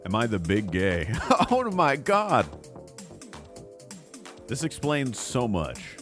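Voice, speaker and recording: A man's voice: mid-range voice, huge pitch swings, takes it slowly, a bit bright, soft background music. A man streaming a video game, joking and rambling through casual commentary and laughing at himself.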